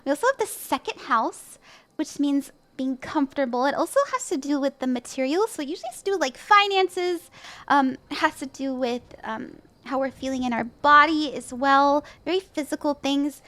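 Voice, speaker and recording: A woman's voice: high-pitched, normal speed, sharp tone. A woman hosting a livestream, giving casual tarot readings in an upbeat, chatty way, with frequent laughs and lots of "like" and "you know". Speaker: tarot reader and stream host.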